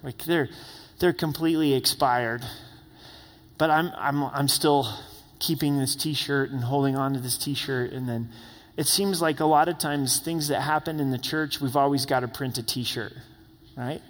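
A man's voice: medium pitch, steady tone, a little slow, in a large hall. A man preaching a sermon as pastor, conversational, with tag questions and voiced quotes. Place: church sanctuary.

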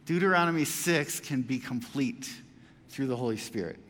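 A man giving a casual, conversational sermon as a pastor, swinging between loud emphatic lines and quiet asides. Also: medium pitch, moderate pace, big-room sound.

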